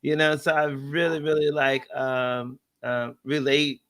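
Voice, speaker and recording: Bright, chatty man hosting a video-call interview. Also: medium pitch, flat delivery, measured pace. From Texas. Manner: chatty, laughing, storytelling. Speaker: host. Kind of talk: casual live interview.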